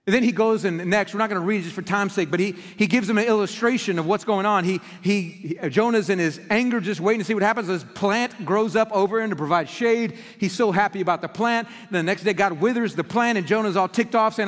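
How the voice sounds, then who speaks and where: A man's voice: high voice, quick pace, hardly any pauses. Male pastor, impassioned sermon, lingering church-hall reverb. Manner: impassioned preaching, swings from loud emphatic lines to hushed ones. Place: church sanctuary.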